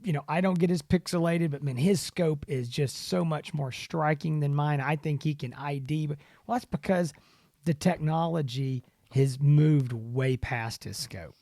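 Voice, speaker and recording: A man's voice: on the high side, a little slow, mellow, no room sound, clean studio sound. Rambling male podcast co-host. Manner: rambling, lots of fillers and restarts. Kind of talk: casual chat.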